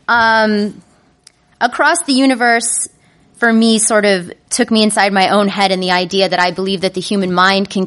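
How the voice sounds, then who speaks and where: A woman telling a funny personal story to an audience, animated and self-mocking, acting out her own panicky inner voices. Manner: acts out her inner voices with sudden high-pitched panic.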